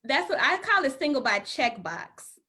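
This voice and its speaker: A woman's voice: sits high, very animated, moderate pace, pushed and bright. A woman co-hosting a casual podcast chat, explaining her views with giggles and examples. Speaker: podcast co-host, entrepreneur.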